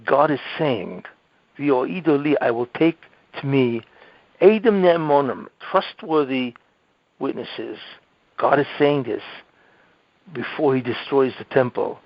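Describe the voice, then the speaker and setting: A male rabbi teaching his weekly Torah class explains step by step, posing rhetorical questions with animated emphasis and checking in with listeners through "okay?" and "right?" His voice is medium-pitched with no echo, and the recording is dull, dry lo-fi audio.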